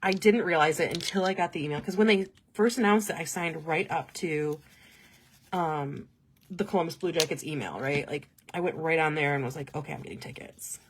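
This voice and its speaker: A young woman hosting a livestream, chatting casually and telling an animated story, laughing often along the way. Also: sits low, a little fast, slight background noise. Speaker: host.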